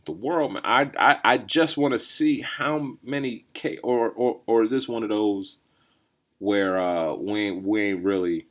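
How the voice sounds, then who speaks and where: A man hosting a solo podcast, riffing in a rambling, think-out-loud way with lots of restarts and "right?" tags. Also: on the low side, a little slow. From New Jersey or New York area, USA. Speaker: podcast host. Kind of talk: casual solo commentary.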